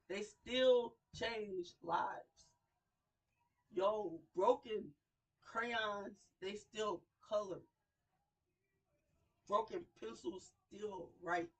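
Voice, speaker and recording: Slow, impassioned woman preaching from afar. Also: mid-range voice, slightly rough, recorded from a distance, poor audio. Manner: emotional, repetitive preaching cadence, swells and drops in volume. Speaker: radio show host. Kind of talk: impassioned sermon-style talk.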